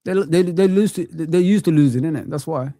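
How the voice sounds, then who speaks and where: A man's voice: on the high side, a little fast, dark tone, dry recording, studio quality. Impassioned ranting football streamer, man. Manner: impassioned ranting, sweary, frequent "man" tags. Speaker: football watch-along streamer. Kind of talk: live-stream football rant.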